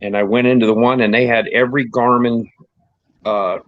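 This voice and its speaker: A man's voice: mid-range voice, steady tone, normal speed, no room sound. Rambling American man telling road stories. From United States. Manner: rambling storyteller, laughs often. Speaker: podcast host. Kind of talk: casual chat. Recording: dull lo-fi dry recording.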